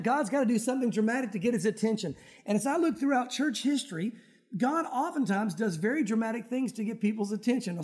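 A man with a strikingly high voice preaches a sermon to his congregation in a church. He talks in a conversational way and breaks in with joking asides to the crowd. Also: darkish tone. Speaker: pastor. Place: church sanctuary.

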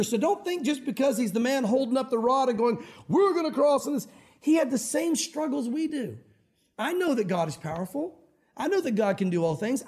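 A man preaching a sermon as a pastor, animated and acting out Bible scenes. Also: extremely high pitch, husky. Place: church sanctuary.

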